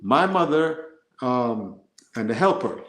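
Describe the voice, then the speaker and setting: A man's voice: mid-range voice, big pitch swings, slow pace. American man telling stories in a roomy echo. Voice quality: laughs often while telling anecdotes. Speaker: football coach. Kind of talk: casual chat, storytelling.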